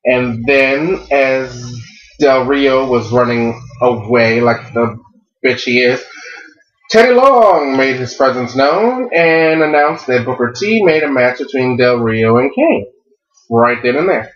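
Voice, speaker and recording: A man's voice: medium pitch, animated, slow, roomy sound, lo-fi sound. A man co-hosting a casual wrestling review, blunt and profane. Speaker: wrestling show co-host.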